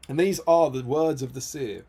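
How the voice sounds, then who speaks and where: A man's voice: mid-range voice, moderate pace, a little hiss or hum. Chatty guy reading book quotes. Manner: lively storyteller who reads quotes aloud and adds jokey paraphrases. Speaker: co-host of a tabletop wargaming stream. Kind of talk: casual chat.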